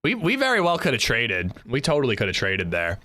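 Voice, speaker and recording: A man streaming a game live, chatting casually with viewers, swearing freely and breaking into loud laughs. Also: mid-range voice, huge pitch swings, brisk, noisy background. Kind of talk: casual livestream chat while gaming.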